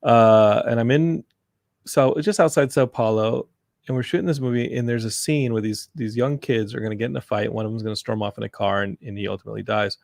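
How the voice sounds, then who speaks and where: A man hosting a casual podcast chat, telling animated stories about his family and film sets. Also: mid-range voice, brisk, vocal fry, no room sound, studio quality. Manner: animated storyteller, mimics his mom. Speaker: podcast host and filmmaker.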